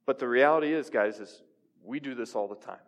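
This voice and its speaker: A young adult pastor with a medium-pitched voice preaches a sermon fairly quickly in a reverberant hall. His style is conversational, and he poses questions to his listeners.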